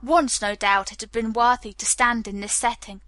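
A woman reads a novel aloud in a steady, clear storytelling voice. Her voice sits a little high and sounds bright. The recording is dry and close. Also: moderate pace, dry recording. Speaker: audiobook narrator. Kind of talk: scripted narration.

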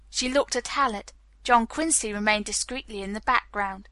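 A woman reading a novel aloud as an audiobook narrator, in a measured style. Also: mid-range voice, pushed and bright, no room sound. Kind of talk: scripted narration.

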